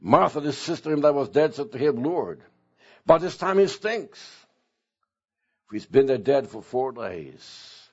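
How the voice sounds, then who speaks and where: An older male pastor preaching a sermon slowly and emotionally, dropping to soft tones for stress. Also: mid-range voice, breathy edge. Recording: dull lo-fi recording.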